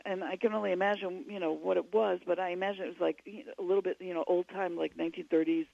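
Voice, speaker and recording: A woman's voice: on the low side, fairly even intonation, quick pace, vocal fry, warm tone, no echo, highs cut off. A woman, a guest author on a radio interview, giving long and digressive explanations.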